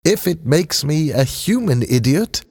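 Male reader as a calm, earnest robot, storybook, pitched above his own voice, slow and lively, big hall echo. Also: gravelly, breathy edge, heavily acted. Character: robot who wants to be human, calm and earnest.

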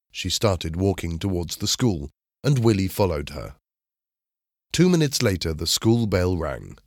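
A man narrating a children's story in a clear, measured reading style. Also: sits low, sing-song, no echo, clean studio sound.

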